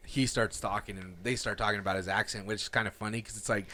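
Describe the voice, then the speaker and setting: A man's voice: fairly low pitch, steady tone, quick pace, pushed and bright. A man co-hosting a podcast in casual chat, easygoing and agreeable, with many hesitant fillers. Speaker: podcast co-host.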